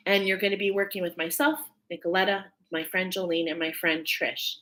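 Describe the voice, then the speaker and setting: A woman's voice: on the low side, fairly even intonation, brisk, a bit bright. A woman hosting a live stream as a spiritual reader, chatting casually and spontaneously, thinking aloud and laughing often.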